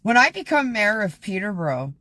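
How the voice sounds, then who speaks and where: A woman's voice: medium pitch, sing-song, fairly quick, pushed and bright, no room sound. A woman hosting a casual comedy podcast, who laughs often, swears freely and tells jokes. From Canada. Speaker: podcast host.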